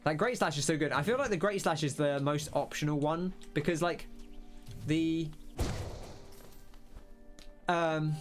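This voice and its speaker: A man's voice: a little high, a little slow, pauses often, soft background music. A young man casually commenting while playing a game, musing aloud and rambling as he thinks through what he sees. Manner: musing, rambling, self-interrupting. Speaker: let's play host.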